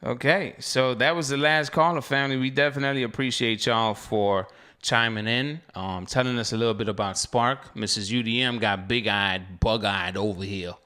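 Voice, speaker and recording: A man's voice: mid-range voice, normal speed, pushed and bright, smooth. A man hosting a casual podcast chat, joking around and laughing often. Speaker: podcast host.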